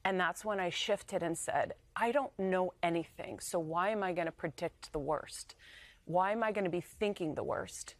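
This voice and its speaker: A woman in her thirties, a guest telling her own story candidly, animated and emotional, acting out the lines of others. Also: lowish voice, moderate pace, no room sound. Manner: emotional, animated retelling with quoted dialogue. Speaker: interview guest.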